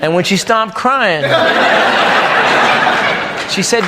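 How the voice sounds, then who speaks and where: A man performs stand-up in a club, ranting and shouting his punchlines. His voice sits high and swings widely in pitch. Loud audience laughter and heavy room noise sit under every line. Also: sing-song, takes it slowly, long pauses. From United States. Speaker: stand-up comedian. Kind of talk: stand-up comedy set. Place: comedy club stage. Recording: live club recording, loud crowd laughter.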